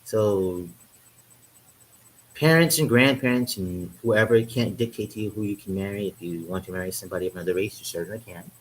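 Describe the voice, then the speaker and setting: A brisk, lowish male voice comes through a low-quality recording. The speaker, a vlogger, sits indoors in Europe drinking wine and chats casually to camera in a meandering comedic monologue, leaning hard on "um" and chuckling at himself.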